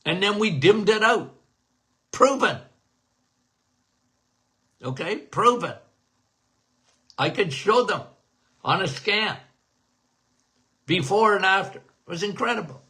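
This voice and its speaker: A man's voice: high voice, expressive, a little slow, long pauses, pushed and bright. A middle-aged man hosting a health Q&A podcast, talking casually and repeating phrases for emphasis as he addresses his listeners as guys. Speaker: podcast host, doctor.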